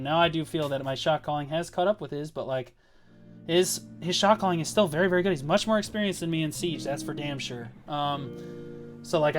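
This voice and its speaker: A man talking casually on a livestream as a guild leader, rambling and swearing as he tells boastful stories. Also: fairly high pitch. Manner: profane, rambling, boastful storytelling.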